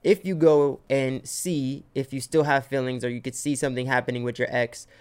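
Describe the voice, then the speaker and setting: Man with a smooth, clear voice. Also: mid-range voice, steady tone, a little mellow. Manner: joking, laughs often, talks fast at times. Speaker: podcast host. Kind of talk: casual podcast chat.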